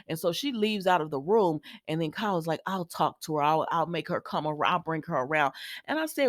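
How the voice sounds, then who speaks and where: A woman's voice: low voice, lively intonation, a little fast, no echo, clean studio sound. A woman casually recapping a soap opera episode, chatty and opinionated. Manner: chatty and opinionated, quoting characters, sighs and laughs.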